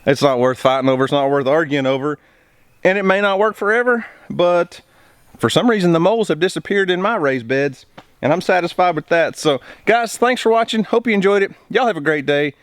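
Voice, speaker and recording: A man's voice: on the high side, fairly quick, clear, resonant tone, dry recording, studio quality. A man hosting a homestead vlog in a greenhouse, chatting eagerly and talking with food in his mouth. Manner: excited, chatty, eating while talking. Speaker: homesteading channel host. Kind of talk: casual vlog talk to camera.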